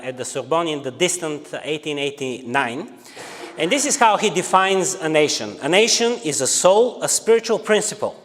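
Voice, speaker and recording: A man's voice: on the high side, fairly bright tone, in a large hall. A man from Bulgaria with a Bulgarian accent, giving an academic lecture in a hesitant way, with frequent filler sounds.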